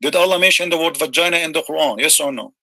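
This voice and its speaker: Fast, insistent, combative man debating. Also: fairly high pitch, sharp tone. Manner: insistent, repeats questions rapidly; combative, interrupting. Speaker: debate host. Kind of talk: heated live debate.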